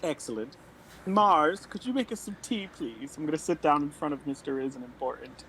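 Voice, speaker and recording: A man's voice: on the high side, animated, normal speed, sharp tone, slight background noise, pitched below the performer's own voice, rough recording. A man playing a genteel, fussy male shopkeeper who talks in an overly polite, refined way. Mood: courteous.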